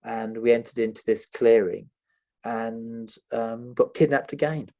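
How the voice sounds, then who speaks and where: A man, a podcast guest telling a story with lively energy, who acts out the voices of other people and often laughs. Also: medium pitch, measured pace.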